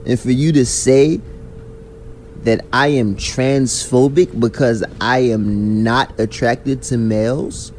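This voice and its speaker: A man's voice: mid-range voice, slow pace, faint music behind. Ranting man on a podcast. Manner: animated, ranting, heavy slang. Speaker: podcast host. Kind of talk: casual chat.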